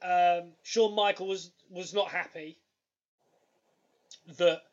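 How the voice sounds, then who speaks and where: Excitable high-voiced man. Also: takes it slowly, dull audio. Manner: excitable, animated storytelling with loud bursts. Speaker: podcast co-host. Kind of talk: casual chat.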